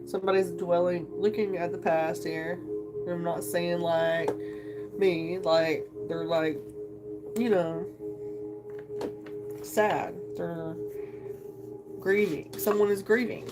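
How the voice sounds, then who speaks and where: Hosting a tarot livestream, a woman chats and rambles to her viewers, whom she calls "you guys." Her voice is fairly low with fairly even intonation, and she speaks slowly with long pauses while singing bowl music plays in the background.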